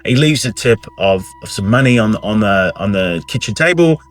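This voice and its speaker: Faint music plays behind a lowish male voice with lively intonation and a brisk pace. The channel host spins a spooky myth loosely, drifting into asides and restarting lines.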